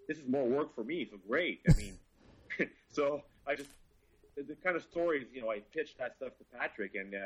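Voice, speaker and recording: Low husky guy, bright forceful tone, swears a lot, dull lo-fi audio. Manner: enthusiastic, swears freely. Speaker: car journalist guest. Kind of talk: casual podcast chat.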